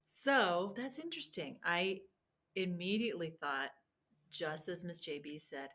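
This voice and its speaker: Midwestern woman in lively chat. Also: on the low side, a little slow. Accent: Midwestern American. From Argentina, raised in Illinois from age twelve. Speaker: interviewee, Spanish teacher. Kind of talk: casual conversation.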